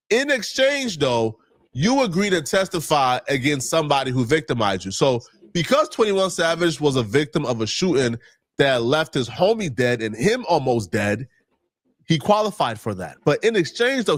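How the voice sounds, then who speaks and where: A man walking listeners through a point in casual, explanatory talk. He leans on key words. His voice sits a little high, and the recording is dry. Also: dry recording. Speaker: commentator.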